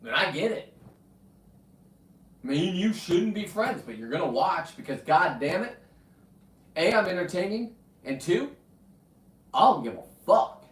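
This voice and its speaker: A man's voice: sits high, animated, unhurried, pauses often, distant mic. A man hosting a rambling livestream, brash and profane, chatting with viewers and talking to his dog. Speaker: livestream host. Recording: echoey room, off-mic.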